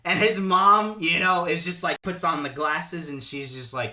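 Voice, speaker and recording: A man's voice: a little high, a little slow, hardly any pauses. A young man telling a storytime vlog in a chatty way, full of asides. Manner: animated, chatty, many asides. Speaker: YouTube storyteller. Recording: echoey room.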